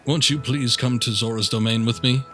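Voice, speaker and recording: A man's voice: medium pitch, fairly even intonation, brisk, sharp tone, faint music behind, voice pushed up, lightly acted. A man voicing a flamboyant male fish-like prince in a video game, talking in a showy, grandiose and enthusiastic way.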